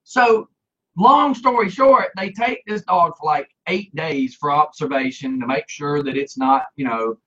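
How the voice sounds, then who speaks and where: High bright storyteller man. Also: normal speed, hardly any pauses. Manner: animated, acts out quoted voices, laughs often. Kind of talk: casual storytelling chat. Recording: dull lo-fi sound.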